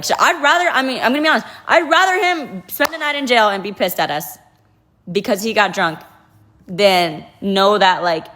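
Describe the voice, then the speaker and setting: A woman's voice: medium pitch, fairly bright tone. A young woman telling an upsetting personal story as a guest. She talks in a casual, emotional way and fills her speech with "like". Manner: heavy use of "like", emotional and restless. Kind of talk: casual confessional account.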